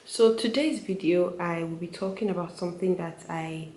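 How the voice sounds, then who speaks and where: A woman's voice: on the low side, normal speed, warm tone, a little hiss or hum. A woman in her twenties with a Nigerian accent, talking earnestly to camera in a casual vlog and repeating points for emphasis. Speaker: vlogger. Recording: echoey room with faint ambience.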